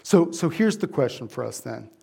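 A man's voice: medium pitch, big pitch swings, normal speed, gravelly, dark tone, husky. A man preaching a sermon to his congregation, conversational and repetitive, with asides and jokes. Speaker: pastor.

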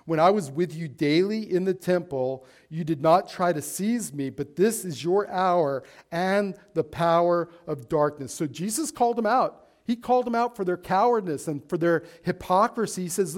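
Pastor preaching in a church, reads scripture, asks the congregation to answer back, slightly higher man's voice. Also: moderate pace, hardly any pauses. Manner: preaching, reading scripture aloud and calling for congregation responses. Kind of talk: sermon. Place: church sanctuary.

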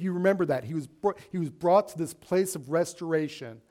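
Pastor preaching in a church, reads scripture, asks the congregation to answer back, slightly higher man's voice. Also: a little fast, dark tone. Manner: preaching, reading scripture aloud and calling for congregation responses. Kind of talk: sermon. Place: church sanctuary.

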